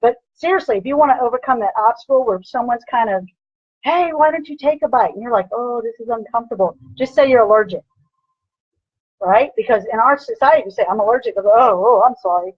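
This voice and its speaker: A woman personal trainer giving an energetic motivational lecture, punchy and repetitive, with a husky voice. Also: fairly high pitch, quick pace, no room sound, muffled recording. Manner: energetic, punchy, repeats "bam" and "right?".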